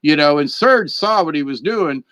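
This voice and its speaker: Man vlogger, rambling chuckling storyteller, higher voice, dry close sound. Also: expressive, normal speed, a bit bright, no room sound. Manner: rambling, chuckling, repeats words. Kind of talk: casual storytelling.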